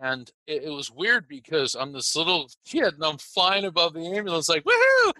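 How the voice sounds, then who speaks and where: Male guest, American-born, very bright and crisp tone, animated storyteller who stumbles and restarts often. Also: fairly high pitch, no room sound, poor audio. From United States. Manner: animated, halting with many restarts. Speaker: interview guest. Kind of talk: personal storytelling.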